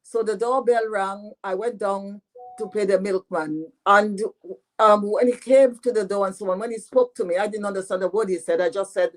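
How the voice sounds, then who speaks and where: A woman in her eighties with a Dominican French patois accent, telling her own story as an author guest, slow and full of "you know" fillers. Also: medium pitch, low-quality recording. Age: 80s. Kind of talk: interview answers.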